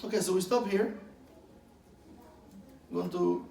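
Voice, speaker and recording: A man's voice: high voice, steady tone, measured pace, gravelly, warm tone, slight background noise. A man teaching a Kabbalah class in eager, broken English, asking his listeners one question after another. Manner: eager, asks many questions; broken, non-standard English grammar. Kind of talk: class lecture. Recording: echoey room, mic far off.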